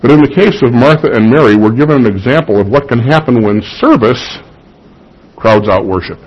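A man's voice: medium pitch, fairly quick, muffled recording. A man preaching a sermon to his congregation in a church, building to emphatic peaks and asking the listeners questions. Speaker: pastor. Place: church sanctuary.

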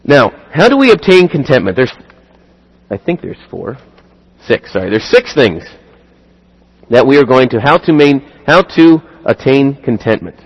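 A man's voice: mid-range voice, normal speed, slightly rough. Man preaching in a reverberant hall. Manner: animated, acts out dialogue in sudden louder bursts. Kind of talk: sermon.

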